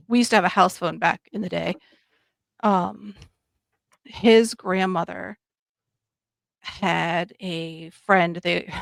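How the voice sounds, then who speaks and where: A woman in her thirties rambles through a personal story on a podcast. She leans on ums and acts out the lines of others as she goes. Her voice is gravelly and sounds dry and close to the mic. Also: medium pitch, no room sound. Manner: rambling, many ums and quoted dialogue. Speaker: podcast guest. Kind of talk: casual storytelling.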